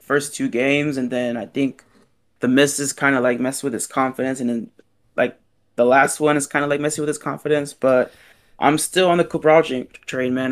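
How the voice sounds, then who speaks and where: A young man co-hosting a casual soccer fan podcast, easygoing and upbeat, his talk full of "like" fillers. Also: a little high. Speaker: podcast co-host.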